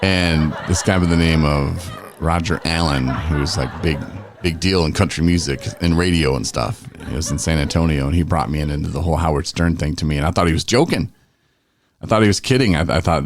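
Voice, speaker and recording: Male podcast host, deep voice, laid-back storyteller who acts out quotes. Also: brisk, dry recording.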